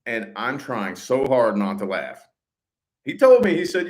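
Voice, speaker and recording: Brief: middle-aged man, casual vlogger, cusses a lot, livens up when he quotes people, mid-pitched voice. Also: moderate pace. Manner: swears freely, animated when quoting others. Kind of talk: casual storytelling to viewers.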